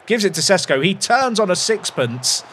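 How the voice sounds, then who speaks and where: A man's voice: high voice, big pitch swings, normal speed, fairly bright tone, a little hiss or hum. Chatty man commentating his game. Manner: chatty, analytical, self-deprecating. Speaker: gaming YouTuber.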